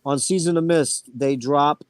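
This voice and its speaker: A man hosting an online talk show, telling stories in an animated way and swearing freely. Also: on the high side, unhurried, clean tone, dry recording. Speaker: podcast host. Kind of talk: casual chat.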